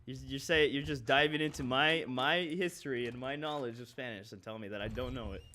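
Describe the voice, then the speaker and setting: A man's voice: medium pitch, a little fast, pushed and bright, a little hiss or hum. A man streaming a video game, chatting casually and joking, laughing often and tossing in Spanish exclamations. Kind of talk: casual chat while gaming.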